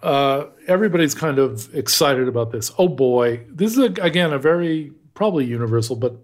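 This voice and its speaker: A man's voice: mid-range voice, expressive, fairly quick. An American man co-hosting a casual history chat, telling stories in a wry, digressive way and chuckling at his own anecdotes. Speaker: podcast co-host.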